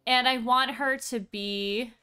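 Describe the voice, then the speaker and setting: A woman hosting a gameplay stream, chatting in an excitable, animated way. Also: on the high side, clean tone. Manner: excitable, animated, quick reactions. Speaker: streamer host. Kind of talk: casual gameplay chat.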